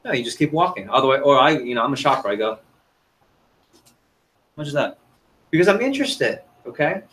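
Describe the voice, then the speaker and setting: A man's voice: mid-range voice, very animated, quick pace, fairly bright tone. A man leading an interactive sales training seminar, quizzing the audience in an upbeat, chatty way.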